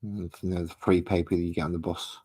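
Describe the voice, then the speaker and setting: A man's voice: low voice, little pitch movement, fast, dark tone, husky, poor audio. A man chatting casually and thinking aloud, a little self-deprecating, while he paints miniatures at his hobby desk at home.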